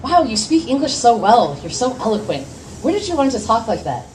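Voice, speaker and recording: A woman's voice: on the high side, very animated, fairly quick, darkish tone. A young woman from the United States performing spoken word poetry at a café open mic, with awkward self-deprecating asides between impassioned poems. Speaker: poet. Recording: distant mic with faint room noise.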